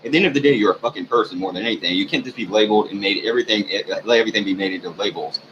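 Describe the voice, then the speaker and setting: A man ranting in a rambling, profane monologue for his channel, halting often with fillers. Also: fairly low pitch, a bit bright. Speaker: channel owner. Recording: dull lo-fi recording with faint hiss.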